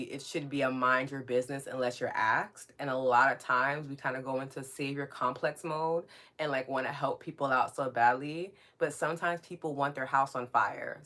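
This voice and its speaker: A woman's voice: extremely low pitch, fairly bright tone. A woman hosting a live podcast, reading viewer comments aloud in casual chat, candid and mildly profane, laughing often and asking "right?".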